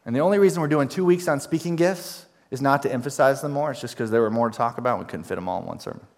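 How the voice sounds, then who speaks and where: A man's voice: medium pitch, racing. A man preaching in a church, speaking in the middle range of the male voice. He builds his points through repetition and rhetorical questions, with an emphatic pastoral delivery. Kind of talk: sermon.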